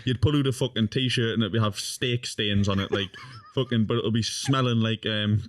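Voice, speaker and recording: A man's voice: fairly low pitch, steady tone, normal speed, dry recording, studio quality. A young man, a podcast guest, telling a funny story in casual talk, swearing often and laughing as he goes. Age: young adult.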